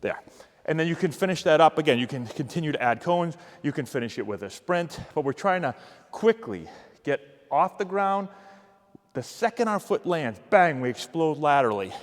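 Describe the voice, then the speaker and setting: A man coaching youth agility drills, giving energetic, encouraging cues while demonstrating. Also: a little high, big-room sound. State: out of breath. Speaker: baseball coach.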